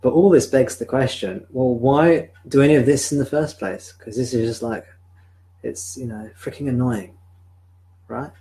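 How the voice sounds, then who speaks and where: A man, a spiritual teacher, speaking calmly and reflectively at a live-streamed home satsang into a sensitive desk microphone. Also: medium pitch, rough recording. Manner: calm, reflective, answers viewer questions slowly. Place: home room.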